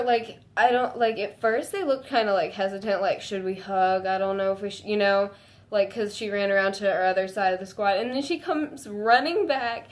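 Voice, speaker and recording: A woman vlogging to her viewers in a gushing, excitable way, full of "like" fillers and breaking into high squeals. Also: moderate pace. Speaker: fan vlogger. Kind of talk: casual chat to camera.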